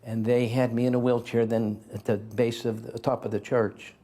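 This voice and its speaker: A man with a mellow, warm voice at an average pitch talks as a guest in an interview. He speaks haltingly and repeats words. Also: level tone, a little hiss or hum. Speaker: faith healer and author as a guest. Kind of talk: personal testimony in an interview.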